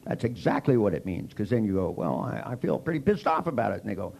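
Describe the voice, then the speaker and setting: An older man with a gravelly voice, giving a comic storytelling lecture to a seminar audience and wryly acting out both sides of his dialogues. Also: fairly low pitch, big pitch swings, fast talker, a little mellow. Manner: wry, mocking, acts out both sides of dialogues. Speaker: seminar speaker.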